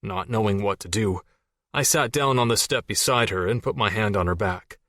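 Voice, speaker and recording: An audiobook narrator with a fairly low male voice reads a first-person fantasy novel. His delivery is steady and measured, captured up close in a dry studio with no room sound.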